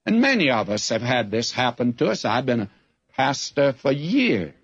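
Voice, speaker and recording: A man, a pastor, preaching a sermon and reading scripture, with measured delivery that slows for emphasis. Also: mid-range voice, big pitch swings, a bit bright, husky, no echo. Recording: dull, dry lo-fi recording.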